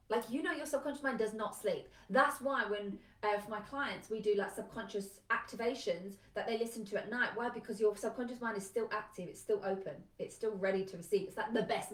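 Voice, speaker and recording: A woman coaching business owners in a live talk, emphatic and energetic, peppering her points with "like". Her voice sits a little high and sounds set back from the microphone in an echoey room. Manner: energetic, emphatic, conversational with lots of "like". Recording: echoey room, a bit far from mic.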